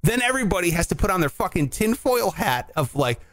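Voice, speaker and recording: High-pitched guy ranting on a podcast, swears a lot, really animated. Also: brisk, few pauses. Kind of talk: casual podcast chat.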